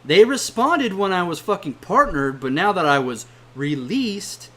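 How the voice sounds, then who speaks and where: A man's voice: sits high, expressive, measured pace, sharp tone. A young man, a YouTuber, delivering a heated, profane rant to his viewers, blunt and swearing often. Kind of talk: angry rant to camera.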